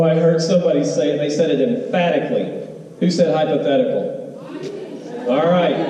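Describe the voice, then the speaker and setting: Male teacher, exam review lecture, mellow low-toned delivery, heard from a distance in a big reverberant hall. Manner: animated, sing-song emphasis, asks the room questions. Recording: roomy hall, voice from far off.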